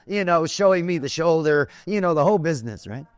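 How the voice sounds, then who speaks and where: A man's voice: on the high side, expressive, a little fast, dry recording, studio quality. A man giving a conversational lecture, wandering into stories with many fillers and asides. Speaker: teacher of a spiritual system. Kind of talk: lecture with storytelling.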